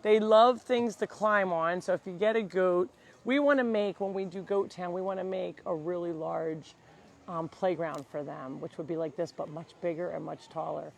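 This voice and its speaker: The owner of an animal sanctuary gives a live outdoor tour of her farm, her fairly low, gravelly voice steady and at normal speed. Holding a handheld mic, she keeps things chatty and slips into baby-talk with the animals.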